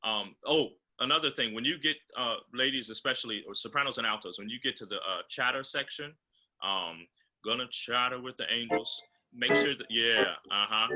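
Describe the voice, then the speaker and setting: A man, a composer and choral director, explaining choral diction over a video call and often pausing on fillers. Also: medium pitch, sharp tone, low-quality recording.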